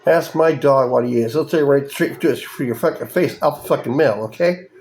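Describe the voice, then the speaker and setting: A man's voice: medium pitch, a little fast, darkish tone. A man hosting a podcast, ranting angrily with heavy swearing and mocking voices. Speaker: podcast host. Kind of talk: profane ranting monologue.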